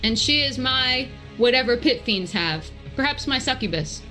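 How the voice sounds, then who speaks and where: A woman's voice: high-pitched, expressive, moderate pace, bright, forceful tone, soft background music. A woman playing a tabletop game, playful and giggly, joking with the table. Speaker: player.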